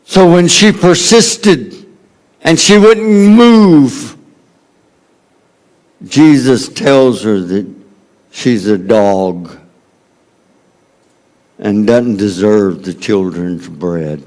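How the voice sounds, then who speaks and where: Southern US male pastor, slow dramatic sermon delivery, emphatic then hushed. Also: expressive. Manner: dramatic, swings from loud emphasis to hushed low tones.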